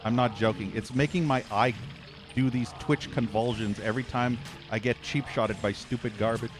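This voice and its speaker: A man's voice: medium pitch, fairly even intonation, moderate pace, over music. A man doing let's play commentary, ranting at the game with a profane, exasperated edge. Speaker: gaming channel host.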